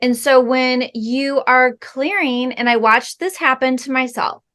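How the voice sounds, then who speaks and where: A middle-aged woman guest talks as a spiritual healing guide, her voice a little on the high side. She speaks slowly and earnestly, pausing often. Her sentences are measured and sprinkled with soft fillers. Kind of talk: interview answer, spiritual teaching.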